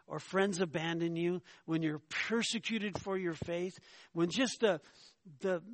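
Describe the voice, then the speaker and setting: Guy preaching a sermon, kinda high voice, emphatic, keeps saying right?, dry close sound. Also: creaky, no echo. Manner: emphatic preaching, asks "right?" often, rises in pitch when arguing. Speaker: pastor.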